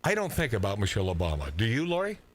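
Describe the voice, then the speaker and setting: A man hosting an irreverent political talk radio show, loud and mocking, interrupting often with many fillers. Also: lowish voice, wildly swooping pitch, racing, slight background noise.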